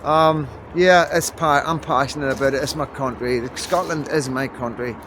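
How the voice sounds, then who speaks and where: Here a male vlogger from Belfast, Northern Ireland, chats loosely to camera indoors in Scotland, peppering his rambling with "you know what I mean". The voice is a little high and a bit bright, steady in tone at normal speed, with a faint hiss or hum.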